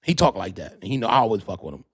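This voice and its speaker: A man hosting a podcast in a casual monologue, animated and profane, full of street slang. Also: on the low side, racing, breathy edge, no echo, clean studio sound. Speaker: podcast host and DJ.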